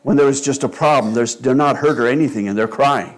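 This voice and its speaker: A man preaching a sermon in a slow, measured and earnest way, with quiet asides. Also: medium pitch. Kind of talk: sermon on child-rearing.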